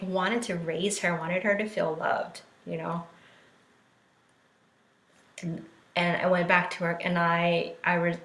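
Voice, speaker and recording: A woman's voice: fairly low pitch, fairly bright tone. A woman in her thirties, a life coach, talking candidly on a live stream, chatty and full of fillers, acting out what others said. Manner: candid, chatty, many fillers, acts out quotes. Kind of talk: casual live-stream talk. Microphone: phone or laptop for a live stream. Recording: roomy echo.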